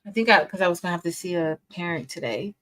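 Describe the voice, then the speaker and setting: A woman's voice: lowish voice, animated, fast talker, a bit bright, poor audio. A woman hosting a casual craft livestream, greeting viewers by name in an upbeat, chatty way.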